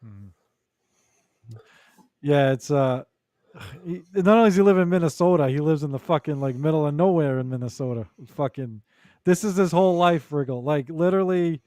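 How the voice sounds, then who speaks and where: A man's voice: a little high, darkish tone, dry recording, clean studio sound. A man co-hosting a podcast, bantering bluntly and casually with frequent swearing. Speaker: podcast co-host.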